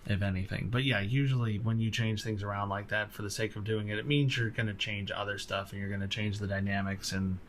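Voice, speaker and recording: A man's voice: lowish voice, flat delivery, brisk, hardly any pauses, a bit bright, slight background noise. A man co-hosting a casual movie podcast, talking in a rambling, chatty way and laughing often. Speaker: podcast co-host. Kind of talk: casual chat about movies.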